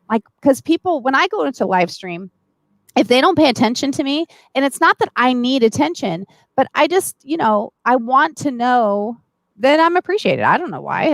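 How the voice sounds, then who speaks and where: A woman with a fairly high voice hosts a live stream. She talks eagerly and keeps turning to greet and address her viewers. The sound is close and dry. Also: big pitch swings, fairly quick, no room sound. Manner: enthusiastic, addresses viewers directly. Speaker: host. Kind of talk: live-stream talk show hosting.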